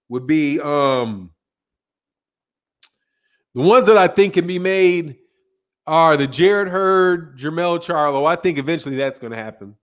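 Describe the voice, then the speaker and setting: A middle-aged man talks loosely in a fairly high voice, tired and yawning. His boxing chat rambles along, full of slang, restarts and self-corrections. He answers viewer comments in a casual livestream manner. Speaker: boxing channel host.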